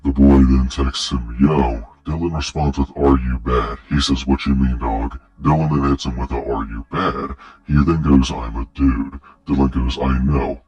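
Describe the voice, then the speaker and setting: A man's voice: very deep voice, steady tone, normal speed, hardly any pauses, mellow, distant mic, lo-fi sound. A young man doing online commentary, sarcastic and mocking, swearing often as he reads out messages. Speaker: commentary creator.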